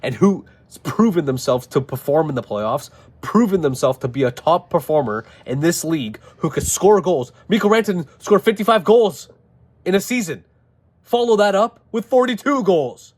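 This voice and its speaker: A man ranting casually about a hockey trade, animated and swearing a lot. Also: on the high side, normal speed. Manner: animated, profane, incredulous. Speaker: hockey commentator. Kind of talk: casual sports rant.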